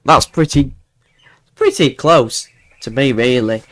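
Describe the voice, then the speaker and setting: On a live weather forecast stream, a man with a mild Yorkshire accent, from Yorkshire, England, rambles chattily, often restarting and using fillers. He speaks at a slow pace in a mid-range, slightly bright voice, with no echo.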